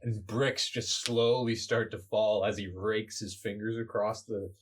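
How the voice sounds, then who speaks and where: A man hosting a comedy podcast, narrating an improvised story in a relaxed, chatty way. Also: on the low side, unhurried. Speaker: podcast host.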